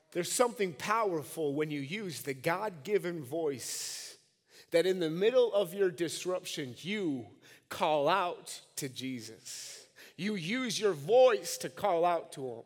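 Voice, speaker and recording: A man in his thirties from Minnesota with a Minnesotan accent, preaching a sermon and swinging from quiet, low talk to shouted cries. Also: expressive, slow pace. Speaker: pastor. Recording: long echoing hall reverb.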